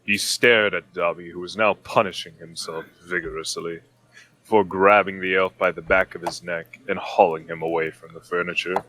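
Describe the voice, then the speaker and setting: A man on a comedy podcast reading fan fiction aloud in a deadpan dramatic narration. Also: low-pitched, normal speed, low-quality recording.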